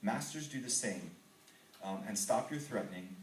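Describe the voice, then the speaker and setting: Man, middle-aged, from texas, earnest church testimony, lowish voice, echoey hall, mic at a distance. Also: lively intonation, moderate pace, slight background noise. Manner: earnest, reads scripture then tells personal story with filler ums. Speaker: men's ministry speaker. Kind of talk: testimony talk to a men's group. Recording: roomy hall, voice from far off mic.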